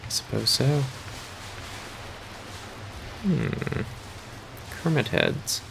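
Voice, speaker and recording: Gravelly dry-witted man playing a game. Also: medium pitch, lively intonation, extremely slow, background noise. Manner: dry and hesitant, with many uh's. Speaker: player on a game stream. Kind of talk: casual let's-play chat. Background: video game music.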